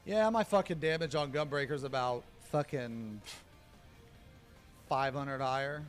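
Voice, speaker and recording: A man's voice: medium pitch, soft background music. A man streaming a game live, commenting as he plays and ranting about the fight with heavy swearing. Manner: profane, ranting, quick to shout in frustration.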